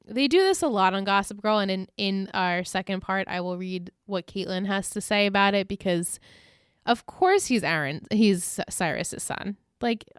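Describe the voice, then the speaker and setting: A woman's voice: medium pitch, moderate pace, clear, resonant tone, no room sound, studio quality. A woman co-hosting a podcast, retelling episode scenes in casual chat, laughing often and acting out the characters' lines. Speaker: podcast co-host.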